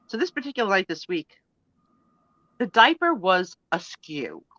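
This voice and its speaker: A middle-aged woman hosting a live stream, telling a story in a casual, animated way, laughing and acting out the lines she quotes. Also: mid-range voice, a little slow, no room sound, lo-fi sound. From United States. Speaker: host.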